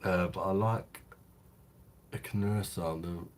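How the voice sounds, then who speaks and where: A man's voice: low-pitched, fairly even intonation, slow pace. A man hosting a beer review live stream, chatting casually in a crude, rambling way and laughing often.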